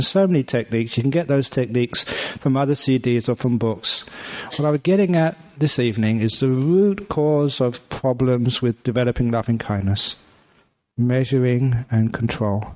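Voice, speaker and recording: A man's voice: medium pitch, highs cut off. A man giving a Buddhist dharma talk, telling a story in a chatty, humorous way. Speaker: Buddhist monk teacher.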